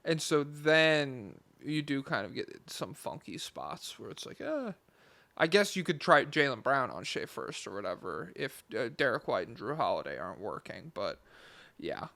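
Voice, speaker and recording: A man's voice: medium pitch, big pitch swings, moderate pace, gravelly, sharp tone. A man co-hosting a casual sports podcast, rambling in a laid-back way and swearing now and then. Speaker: podcast co-host.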